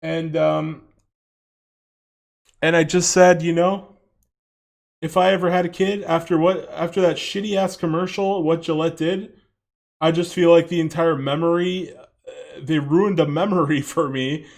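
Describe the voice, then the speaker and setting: A man's voice: on the high side, fairly even intonation, a little slow, vocal fry, pauses often. A man in his late twenties ranting in a reaction commentary, swearing a lot, rambling and laughing often.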